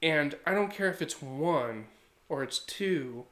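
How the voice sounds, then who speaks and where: Brief: male podcast co-host, thirties, slightly higher voice, earnest and animated. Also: takes it slowly, reverberant. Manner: earnest, animated storytelling with acted quotes. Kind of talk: casual podcast chat.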